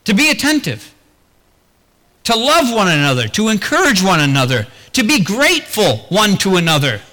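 A man's voice: sits high, wildly swooping pitch, normal speed, sharp tone, in a large hall. A man preaching a sermon as pastor, talking earnestly and putting rhetorical questions to the congregation.

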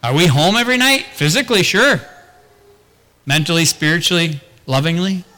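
Man preaching, earnest, bright forceful voice, rhetorical questions, long echo of a big church hall. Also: a little high, animated, moderate pace. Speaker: pastor. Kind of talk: sermon.

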